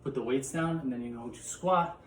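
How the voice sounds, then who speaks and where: A man's voice: medium pitch, brisk. A man leads a home workout class, cheering people on through each exercise while he does it with them. His breath runs short as he talks. The sound has a roomy echo and a faint hiss behind it. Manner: upbeat coaching while exercising. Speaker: PE teacher.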